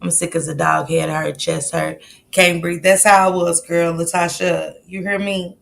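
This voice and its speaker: A woman's voice: lowish voice, little pitch movement, unhurried, vocal fry, a bit bright. A woman in her late forties hosting a live stream, chatting casually and greeting viewers by name. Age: 40s. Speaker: livestream host.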